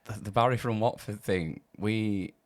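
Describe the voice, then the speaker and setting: A man's voice: on the low side, unhurried. A man with a South Yorkshire accent hosting a podcast, chatty and laughing as he asks questions. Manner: chatty, laughing, friendly interviewer. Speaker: podcast host. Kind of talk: casual chat.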